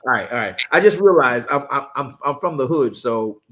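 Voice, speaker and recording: Male pastor, animated livestream preacher, repeats words, playful asides, mid-pitched voice. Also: normal speed. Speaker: pastor leading online Sabbath study. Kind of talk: lively sermon and livestream chat.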